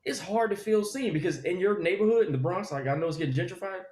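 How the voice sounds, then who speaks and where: A man with a Southern drawl talks at a rapid clip, his voice sitting a little high. He riffs like a preacher with comic asides. The call has a roomy, echoing sound. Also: expressive, a little mellow. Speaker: comedian guest. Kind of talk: animated interview talk. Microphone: video call.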